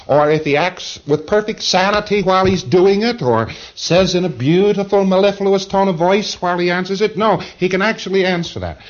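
Emphatic rambling male lecturer, lo-fi tape. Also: high voice. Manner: rambling, emphatic, repeats words. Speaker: lecturer to auditors. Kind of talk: recorded lecture.

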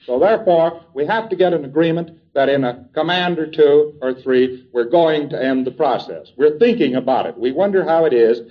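A man giving a recorded lecture, explaining deliberately and step by step and quoting dialogue along the way, on a dull, lo-fi old tape recording. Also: a little high, lively intonation.

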